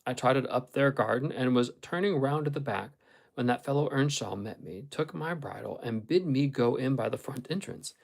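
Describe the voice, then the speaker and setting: A man reading a classic novel aloud in a steady, measured storytelling voice. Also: medium pitch, vocal fry, poor audio. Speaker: audiobook reader.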